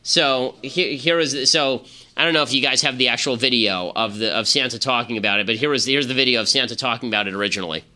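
A man hosting a political podcast, talking fast and opinionated with frequent restarts. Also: mid-range voice, sharp tone. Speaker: podcast host. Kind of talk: political commentary.

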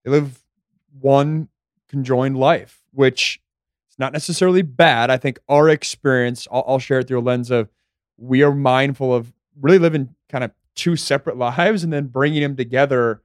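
A young man co-hosting a casual chat in a relaxed, conversational way. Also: mid-range voice, normal speed, no echo, clean studio sound. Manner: relaxed, conversational, some restarts. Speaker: podcast co-host.

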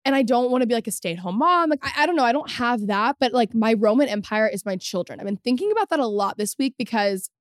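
Young female podcast host, high-ish voice, self-mocking rambler, dry booth sound. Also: expressive, fast, hardly any pauses, no room sound. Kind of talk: solo podcast chat.

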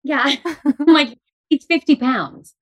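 A woman's voice: high voice, slow. A woman in her thirties from California with a Californian accent, chatting as a guest and laughing often. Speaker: actress guest. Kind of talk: casual interview chat.

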